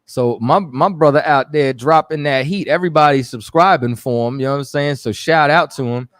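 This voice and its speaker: A chatty man from New York hosts a talk radio show in a loose, rambling way. His voice sits a little high for a man, and it sounds close and dry with no room around it. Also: brisk, dry recording. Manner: loose, chatty, keeps saying "you know what I'm saying".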